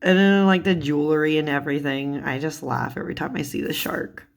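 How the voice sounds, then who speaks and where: A woman's voice: low voice, a little fast. A young woman chatting casually as she shows tarot cards, giggling often and filling her talk with "like". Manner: giggly, chatty, lots of "like" fillers. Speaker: tarot YouTuber. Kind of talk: casual chat showing cards.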